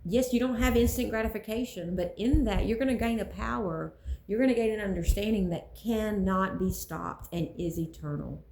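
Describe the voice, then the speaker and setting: A woman's voice: mid-range voice, gravelly, a little mellow, echoey room, slight background noise, poor audio. A woman speaking earnestly about her faith, preaching in a casual way and repeating phrases for emphasis. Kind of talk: personal faith talk.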